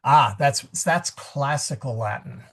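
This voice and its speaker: A man's voice: mid-range voice, measured pace, fairly bright tone. A man teaching Latin pronunciation in an online class over a video call, chatty and correcting himself as he goes. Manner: chatty, self-correcting, joking aside. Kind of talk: online class lesson with questions.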